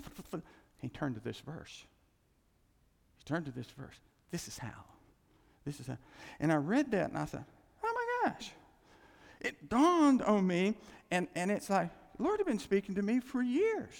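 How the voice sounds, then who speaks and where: A man's voice: high-pitched, normal speed, gravelly. Man preaching in a reverberant hall. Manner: animated, repeats phrases, acts out quoted thoughts. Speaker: pastor. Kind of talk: sermon.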